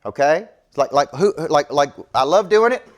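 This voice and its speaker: A middle-aged business coach addresses an audience with a motivational talk, pressing his points emphatically and preachily and checking in again and again with "okay?" He has a fairly high, animated voice and a moderate pace.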